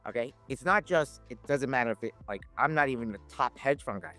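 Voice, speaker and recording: A man telling lively anecdotes in a casual podcast chat, laughing and acting out the people he quotes. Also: mid-range voice, brisk, soft background music. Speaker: podcast guest, options educator. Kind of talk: casual storytelling.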